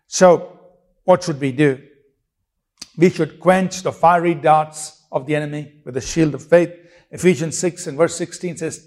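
A man's voice: a little high, steady tone, moderate pace. A man preaching a sermon, emphatic and repetitive, with rhetorical questions and frequent restarts.

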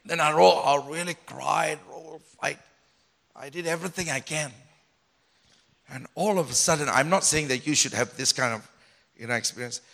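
Bright, gravelly-voiced man preaching. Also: on the high side, moderate pace. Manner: animated storytelling, voice swings from loud to hushed. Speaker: pastor. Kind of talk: sermon testimony.

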